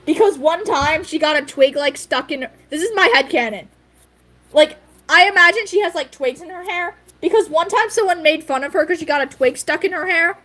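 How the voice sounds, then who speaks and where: A woman's voice: high-pitched, moderate pace, pushed and bright. A woman streamer chatting casually with her viewers, giggly and rambling, with frequent fillers. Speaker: livestream host. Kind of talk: casual livestream chat.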